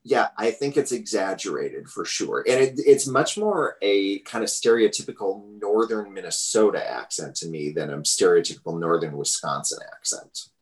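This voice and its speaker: A man's voice: fairly low pitch, animated, normal speed, hardly any pauses, rough recording. A man talking through a film in a casual podcast chat, thoughtful and hedging.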